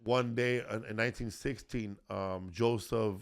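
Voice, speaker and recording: A man's voice: fairly low pitch, steady tone, a little slow. A man hosting a comedy history podcast in casual chat, rambling with lots of fillers, restarts and swearing. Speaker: podcast host.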